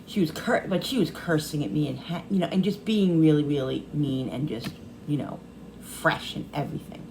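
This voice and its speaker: A woman's voice: deep voice, normal speed, creaky, background noise. A middle-aged woman vlogging, telling a personal story through tears, rambling and restarting often. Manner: tearful, rambling, many restarts. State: crying.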